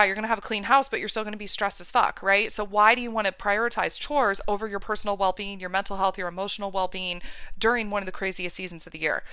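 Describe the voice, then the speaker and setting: Direct, bright-voiced woman coach. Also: medium pitch, clean tone, dry recording. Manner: emphatic, casual, direct, with the odd swear word. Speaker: life coach. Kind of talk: podcast coaching talk.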